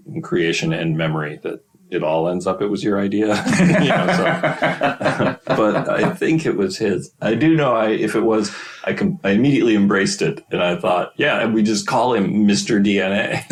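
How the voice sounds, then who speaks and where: A deep-voiced American man from the Midwest answers interview questions. He tells his stories haltingly, with many restarts and frequent laughter, in a relaxed, casual way. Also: poor audio. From Wisconsin, USA. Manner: halting, laughs often while telling stories. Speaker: guest screenwriter and novelist.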